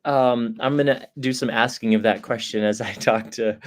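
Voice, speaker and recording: A man's voice: mid-range voice, fairly even intonation, normal speed. A man answering interview questions in a casual, earnest way, with many "um" and "like" fillers. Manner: earnest, thoughtful, frequent fillers like "like" and "um".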